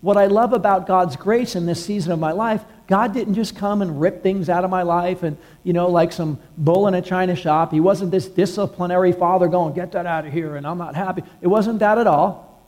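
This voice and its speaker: A male pastor with a notably high voice delivers a sermon to his church. He talks in an easy, conversational way and sometimes sinks to a hush for emphasis. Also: normal speed. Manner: conversational preaching, drops to a hush at quiet points.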